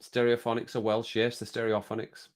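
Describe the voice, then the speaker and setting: Hosting a livestream from his home streaming room, a middle-aged man with an English Midlands accent rambles casually to live viewers, chuckling as he goes. His mid-range voice is a little fast and completely flat in delivery.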